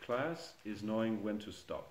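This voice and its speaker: A man's voice: lowish voice, unhurried, slight background noise. A middle-aged man giving an informal scripture class in a temple hall, speaking hesitantly and chuckling at his own jokes. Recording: echoey room.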